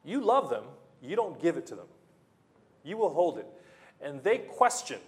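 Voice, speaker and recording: A man's voice: a little high, very animated, unhurried, pauses often. A man preaching a sermon, emphatic, repeating phrases and putting rhetorical questions to the congregation.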